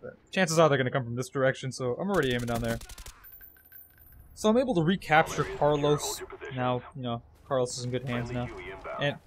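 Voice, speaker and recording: A man's voice: medium pitch, a little fast, background noise. A man giving casual, jokey, rambling commentary over his own gameplay. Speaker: gaming commentator.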